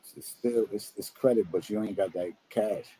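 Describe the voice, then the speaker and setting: Co-host, male, dark mellow tone, relaxed, easygoing chat. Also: on the low side, moderate pace, husky, no room sound, rough recording. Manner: laid-back, agreeing, short remarks. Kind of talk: casual chat.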